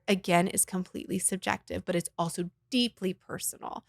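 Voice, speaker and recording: A woman talks in a relaxed interview as a voice teacher and guest. Her delivery is animated and expressive, with easy laughter, and her voice sits at an ordinary middle pitch. The sound is dry and close. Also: a little fast, gravelly, few pauses, no echo. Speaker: guest, voice teacher and arts nonprofit founder. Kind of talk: casual interview conversation.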